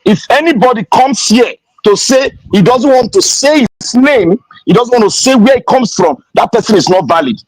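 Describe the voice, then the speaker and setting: Nigerian man, Pidgin-tinged, interrupts a lot, high voice, dry close sound. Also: lively intonation, moderate pace, hardly any pauses, dry recording, poor audio. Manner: interrupting, emphatic, keeps repeating phrases. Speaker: discussion participant. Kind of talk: heated debate on a live stream.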